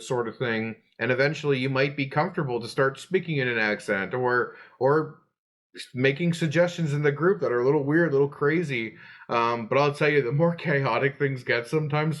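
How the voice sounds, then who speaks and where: A man's voice: mid-range voice, a bit bright. A young adult man hosting a tabletop game channel, giving players tips in an earnest, chatty way full of fillers and restarts. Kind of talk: casual explanatory talk to camera.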